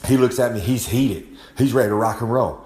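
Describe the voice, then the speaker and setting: A man's voice: mid-range voice, a little fast, a little mellow. A brash man with a drawl, delivering a wrestling promo monologue and talking about himself in the third person. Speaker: wrestling podcast segment guest.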